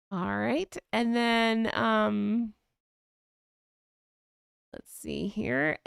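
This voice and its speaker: Gushing woman host with a gravelly edge. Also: a little high, no echo, clean studio sound. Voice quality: gushing, effusive. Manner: thanks donors warmly by name. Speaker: live-stream host. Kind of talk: casual live chat.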